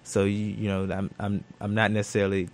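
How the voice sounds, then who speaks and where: A man's voice: lowish voice, completely flat delivery, a little fast. A man, a professional football cornerback, answering questions in a studio interview, thoughtful and full of fillers and restarts.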